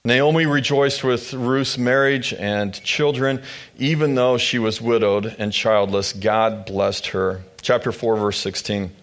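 A man's voice: mid-range voice, steady tone, unhurried. A male pastor giving a sermon, then reading a rhyming picture book aloud with asides to the congregation.

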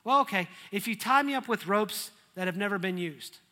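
Blunt young strongman, as a preacher voices him, curt, offhand, bright voice. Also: high voice, expressive, brisk, heavily acted.

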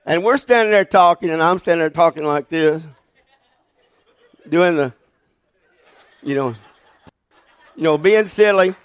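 Preacher guy telling a goofy story, folksy and animated, kinda high voice, dry close sound. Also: measured pace, long pauses, clear, resonant tone, no room sound. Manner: folksy, animated storyteller who laughs through his stories. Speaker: pastor. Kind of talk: sermon with storytelling. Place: church sanctuary.

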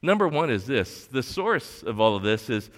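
An older man preaching a sermon as pastor, telling stories in a relaxed conversational way with fillers and restarts. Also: medium pitch, moderate pace. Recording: long hall reverb.

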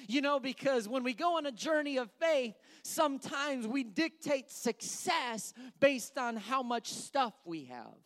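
A man preaching a sermon as pastor, emphatic and repetitive, swinging from loud lines to hushed ones. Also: very high voice, big pitch swings, unhurried, few pauses.

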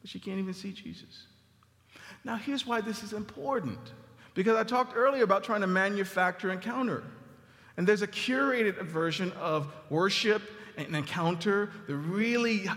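High, bright-voiced preacher in a reverberant sanctuary. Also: male voice, moderate pace. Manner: conversational preaching, repeats phrases for emphasis; drops to a soft near-murmur on tender lines. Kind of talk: sermon. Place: church sanctuary. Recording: long hall reverb.

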